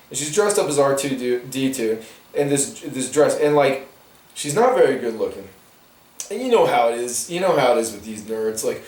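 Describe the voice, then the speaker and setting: A man's voice: mid-range voice, brisk, darkish tone. A man talking while he colors comic pages, ranting in a rambling way with many restarts and asides. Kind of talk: rambling casual monologue. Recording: roomy echo, distant from the mic.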